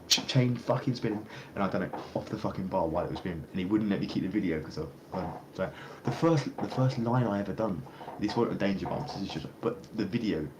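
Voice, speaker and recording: A man's voice: deep voice, animated, fast, few pauses. A young man rambling in a casual street interview, swearing a lot and restarting his sentences. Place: outdoors on a street. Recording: noisy street ambience.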